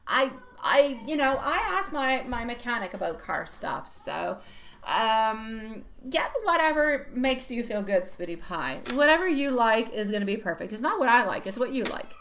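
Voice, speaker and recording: A woman's voice: fairly high pitch, sing-song, normal speed, fairly bright tone, a little hiss or hum. Affectionate woman tarot reader. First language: French. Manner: affectionate, calls viewers sweetie and love. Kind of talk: casual live-stream chat. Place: at home.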